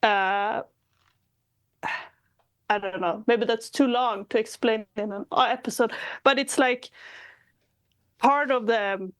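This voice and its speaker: A woman's voice: a little high, takes it slowly, long pauses, a bit bright, dry recording. A woman from Sweden chatting thoughtfully as a podcast co-host, laughing often. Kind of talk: casual chat.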